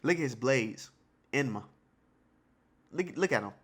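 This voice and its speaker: A man's voice: mid-range voice, unhurried, husky. Host of a manga reaction channel: a man with a mid-range voice reading panels aloud, hyped and repetitive, slangy and casual. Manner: excited, repeats lines, reads panels aloud; loose slangy casual talk.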